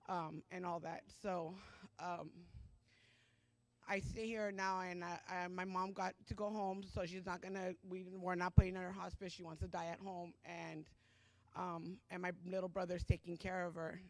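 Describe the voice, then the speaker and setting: A middle-aged woman giving a personal testimony at a church Sunday service, speaking in a halting, emotional way with many pauses and fillers. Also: on the low side, little pitch movement, no echo.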